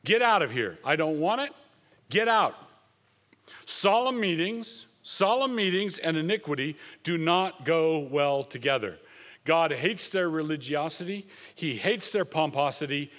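A man's voice: on the high side, fairly bright tone, long reverb tail. A man preaching a sermon as a pastor, speaking emphatically and rising sharply when he quotes.

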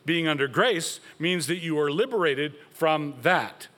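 A man's voice: fairly high pitch, measured pace, fairly bright tone, big-room sound. A man preaching a sermon as a pastor, speaking emphatically and rising sharply when he quotes.

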